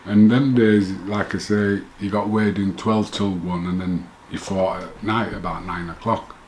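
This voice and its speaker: A man's voice: sits low, steady tone, a little slow, darkish tone, slight background noise. A middle-aged man telling his own story in a rambling, self-correcting way, chuckling now and then. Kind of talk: casual first-person storytelling.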